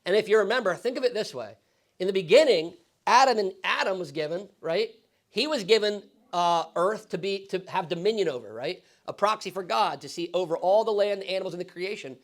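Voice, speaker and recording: Man, pastor, high voice, casual bible class, asks questions, says "right?" a lot. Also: expressive, fairly quick. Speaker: pastor teaching Bible study. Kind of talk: conversational Bible teaching. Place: church classroom.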